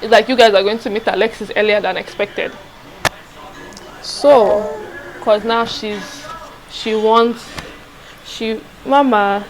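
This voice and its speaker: A woman's voice: mid-range voice, fairly even intonation, slow, pauses often, slight background noise, rough recording. A young woman tells a personal story in a casual, rambling, confiding vlog, repeating herself and checking in with her listeners. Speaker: vlogger.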